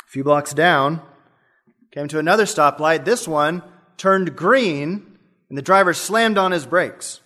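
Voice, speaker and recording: Higher-voiced man preaching a sermon. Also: unhurried, pushed and bright. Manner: storytelling, explaining. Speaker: pastor.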